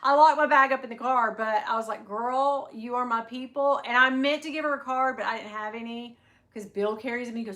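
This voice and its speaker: A woman hosts a casual livestream, rambling through stories and breaking off to answer her viewers. Her voice is bright and sits a little high. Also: fairly even intonation. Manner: chatty storyteller, quick asides to chat. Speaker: handbag channel host.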